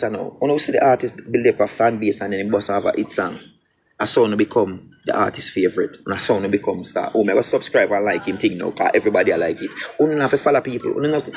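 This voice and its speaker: A man with a Jamaican accent talking on a live stream, preachy and urging listeners to support artists. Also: medium pitch. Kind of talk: casual live-stream talk.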